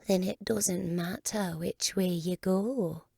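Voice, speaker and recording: A woman voicing a grinning, riddling cat in a slow, drawn-out, half-whispered manner. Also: on the low side, fairly even intonation, vocal fry, a little mellow, breathy edge, no room sound, clean studio sound, full character voice. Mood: drawling.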